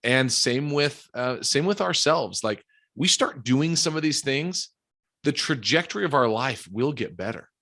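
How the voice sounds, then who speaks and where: A man's voice: mid-range voice, animated, measured pace, bright, forceful tone. A man speaking as a podcast guest, earnest and encouraging in casual conversation.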